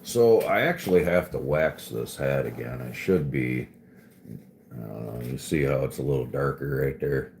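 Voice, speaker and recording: A man hosts a casual livestream, chatting with viewers in a laid-back way, joking, swearing and reading the chat out loud. His voice is a rumbling low, a little slow, creaky and darkish, with slight hiss or hum in the audio.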